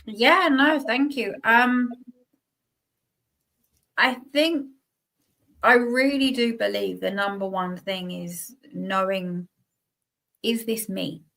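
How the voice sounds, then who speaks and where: A woman's voice: medium pitch, steady tone, slow pace, gravelly, long pauses, sharp tone. A middle-aged woman, a guest healer giving casual, chatty advice and laughing at herself.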